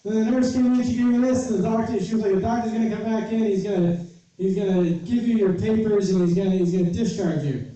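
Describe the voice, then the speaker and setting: A man's voice: sits high, quick pace, mellow, dull audio. A man casually telling a story, profane and exasperated, acting out the people he quotes. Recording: roomy echo from far off with faint noise.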